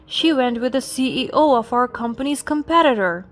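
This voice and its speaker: A woman's voice: high voice, animated, moderate pace, fairly bright tone. A woman voicing a desperate, broke grown husband who pleads for help, over faint music. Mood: pleading. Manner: begging, pleading.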